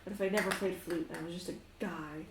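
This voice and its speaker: A woman playing a big, gentle, soft-spoken male axe-wielder in tabletop role-play, mild and quick to laugh. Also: on the low side, fairly even intonation, very noisy, close to an everyday voice. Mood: playful. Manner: mild, laughing, teasing back. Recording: roomy echo.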